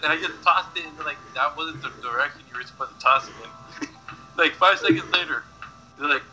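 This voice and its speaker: Bright-voiced young man telling stories. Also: on the high side, fast, highs cut off. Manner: rambling, swears a lot, laughs at own stories. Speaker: podcast regular. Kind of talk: casual chat, storytelling.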